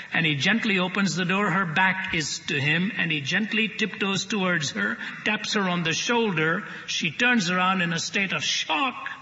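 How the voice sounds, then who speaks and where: Bright-voiced preacher in a big hall. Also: male voice, high voice, slight background noise. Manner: animated, humorous storyteller. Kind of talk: sermon storytelling to a live audience. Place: church hall with audience. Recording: lo-fi live recording in a reverberant hall.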